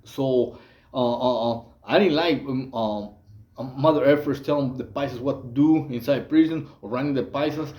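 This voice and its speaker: A man's voice: mid-range voice, normal speed, warm tone, echoey room, muffled recording. A man from Mexico, casually telling prison stories in a rambling way, full of fillers, restarts and slang. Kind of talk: casual storytelling monologue.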